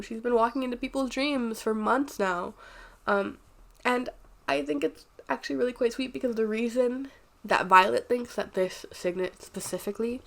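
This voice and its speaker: A congested, sniffly woman giving a chatty, rambling and candid casual book review. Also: on the high side.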